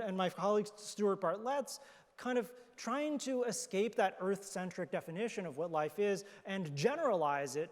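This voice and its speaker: A man, an astrobiologist on a conference panel, explaining his ideas thoughtfully with fillers and restarts. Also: high voice. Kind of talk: panel discussion answers. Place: conference hall. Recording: hall reverb from a conference stage.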